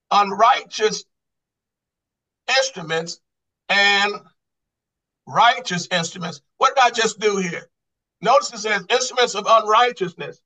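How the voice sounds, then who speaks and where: Male Bible study teacher, high and bright, quizzing style, repeats and restarts. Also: poor audio. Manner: quizzing the class with repeated questions; restarts and repeats words when stressing a point. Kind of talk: Bible study lesson on Greek grammar.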